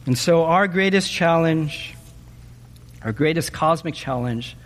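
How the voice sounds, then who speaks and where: A man preaching a sermon in an animated way, often asking his listeners questions and checking in with them with "okay?". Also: on the high side, a little slow, long reverb tail. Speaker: pastor.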